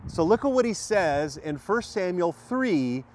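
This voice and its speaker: A man delivers a sermon with a somewhat high voice, driving points home by repeating key phrases and posing rhetorical questions. Faint traffic noise hums behind him. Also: very animated, measured pace, darkish tone. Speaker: preacher.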